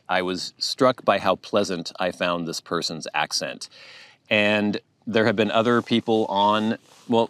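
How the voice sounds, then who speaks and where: A man's voice: on the low side, dry recording. A man from the United States, hosting his channel in a rambling, casual chat to camera. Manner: rambling, chatty, thinking aloud. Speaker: YouTube channel host.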